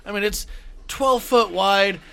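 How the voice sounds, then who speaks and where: High, bright, excitable man. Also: creaky, smooth. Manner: excitable, laughing, quick to jump into the story. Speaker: podcast co-host. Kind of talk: casual chat.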